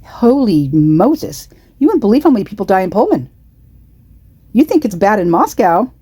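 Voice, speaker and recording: A woman's voice: medium pitch, sing-song, fairly quick, mellow, breathy edge, dry recording. A woman with the hiccups giving casual true-crime commentary, indignant and rambling, full of restarts and repeated words. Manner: indignant, repetitive, many restarts and asides. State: has the hiccups.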